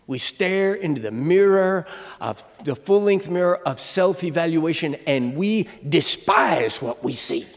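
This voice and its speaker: An older man in his seventies delivers a humorous sermon in a high, bright voice. He tells his stories with comic timing and lets the big lines ring out as shouts. His voice carries long reverb from a large church sanctuary. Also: lively intonation, unhurried. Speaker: guest preacher.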